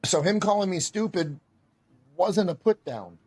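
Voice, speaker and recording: Self-deprecating man with a fairly high voice. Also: measured pace, slightly rough. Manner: animated, self-deprecating storyteller. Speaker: podcast guest, karate instructor. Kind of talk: storytelling in casual conversation.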